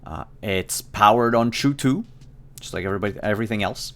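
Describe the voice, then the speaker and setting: A man with a lowish voice, speaking a little fast, runs a tabletop role-playing game as game master. He describes scenes in a relaxed, hesitant way, with frequent fillers.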